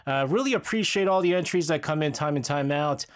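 A man's voice: on the high side, lively intonation, brisk. A man hosting a radio show, chatting casually and rambling while reading listener messages, often laughing. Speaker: radio host.

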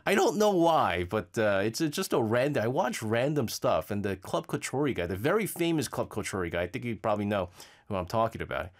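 This radio host, a man with a fairly low-pitched voice, talks fairly quickly from the studio. Reading out listener messages and chatting casually, he rambles in a lively way, stammering and filling gaps often.

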